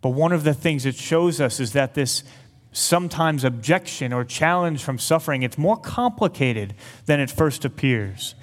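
A man giving an earnest sermon to an audience, telling a personal story with light humorous asides. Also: fairly high pitch. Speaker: speaker to an audience. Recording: long hall reverb.

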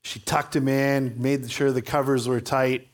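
A man's voice: mid-range voice, level tone, measured pace. A male pastor preaching a sermon in an earnest, storytelling manner.

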